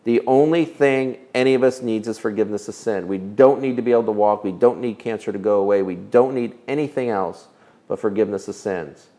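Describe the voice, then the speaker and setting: A man's voice: fairly low pitch, fairly quick, warm tone. A man preaching a sermon, earnest and emphatic, asking his listeners rhetorical questions. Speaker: pastor.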